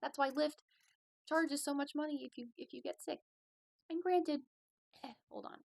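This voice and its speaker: A young woman hosts a casual solo podcast, telling a long, rambling, profane, self-mocking story. Her high, creaky voice holds a steady tone at normal speed. The audio is poor, though there's no room sound.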